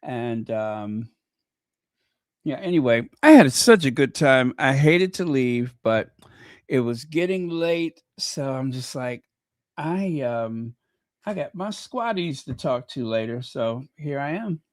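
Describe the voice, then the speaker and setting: A man's voice: medium pitch, lively intonation, takes it slowly, no echo. A man hosting a casual livestream, chatting in a rambling way with many fillers and restarts, close to the mic. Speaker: channel host.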